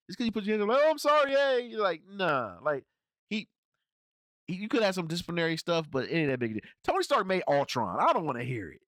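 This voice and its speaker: A man giving a loose, slangy film review, his pitch swinging up and down as he rambles and restarts. He sits close to the mic in a dry, deadened room, and his voice sits a touch above the usual male pitch. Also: fairly bright tone, no echo. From Cincinnati area, United States. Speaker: podcast host reviewing films. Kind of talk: casual spoken film review.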